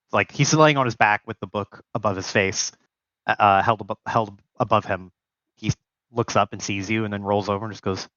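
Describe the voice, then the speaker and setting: A man's voice: lowish voice, no room sound, muffled recording. A man running a tabletop role-playing game, narrating scenes loosely with lots of fillers and voicing side characters. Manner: relaxed, filler-heavy narration. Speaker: game master.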